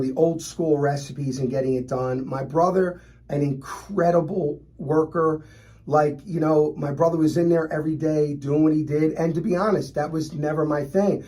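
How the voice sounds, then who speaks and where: A middle-aged man tells stories with animation. His voice sits a little high for a man, and he talks casually as a guest, acting out the people in his stories. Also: fairly even intonation, moderate pace, warm tone. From Philadelphia. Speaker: restaurant owner, guest. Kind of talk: storytelling in a casual interview.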